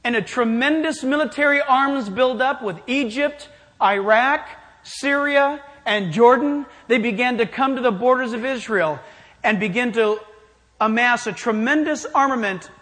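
A man's voice: very high-pitched, unhurried, pushed and bright. A man preaching a sermon in an emphatic style, challenging his listeners directly. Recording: long hall reverb.

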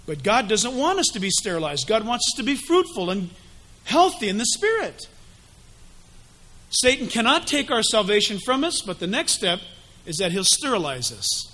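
A male preacher delivers an animated, emphatic sermon. His voice sits high and bright, and it rises and falls with lively swings. He talks to his listeners directly and with drama. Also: moderate pace.

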